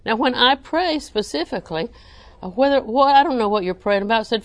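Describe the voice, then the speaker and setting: A woman preacher, delivering a sermon with animated emphasis that rises to near-shouting. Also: a little high, brisk, few pauses, dry recording.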